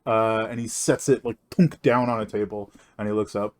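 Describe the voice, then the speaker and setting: A man narrating as game master in a tabletop game, in a lowish voice, stopping and restarting as he describes the scene. His delivery is loose and unscripted. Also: steady tone, a little mellow. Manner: halting, many fillers and restarts.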